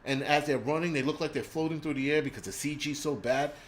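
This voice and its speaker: A man's voice: fairly high pitch, fast talker, a little hiss or hum. A man hosting a live stream, ranting casually and profanely with lots of fillers.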